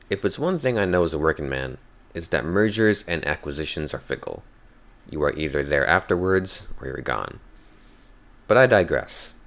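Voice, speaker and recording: A man reading a scripted first-person horror story in a measured, unhurried way. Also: a bass voice, fairly bright tone.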